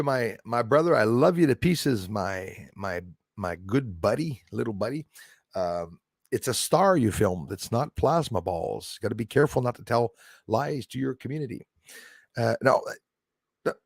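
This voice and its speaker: A man's voice: lowish voice, normal speed, gravelly, dry recording, studio quality. A man hosting a livestream from a rural home, rambling and chatty as he reads viewer comments aloud. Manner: rambling, chatty, jumps between topics. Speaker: channel host.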